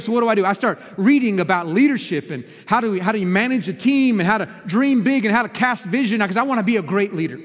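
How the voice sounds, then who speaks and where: A male pastor with a high voice preaches to his congregation, telling a personal story. He moves between loud, urgent stretches and hushed, quiet ones. His voice carries a long reverb from the large church hall. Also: lively intonation, fast talker, hardly any pauses. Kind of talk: sermon.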